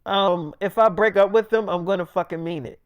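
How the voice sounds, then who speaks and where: A young man, telling a freestyle comic story and acting out every character himself, going low and soft for his own lines. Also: steady tone, fairly quick, clear, resonant tone, dry recording.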